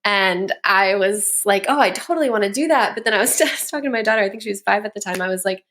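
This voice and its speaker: A woman's voice: mid-range voice, fairly even intonation, fast, a bit bright, slight background noise. A woman in her thirties, a guest on an interview show, telling stories in a chatty way and laughing often. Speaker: guest, communication coach and musician. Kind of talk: casual interview chat.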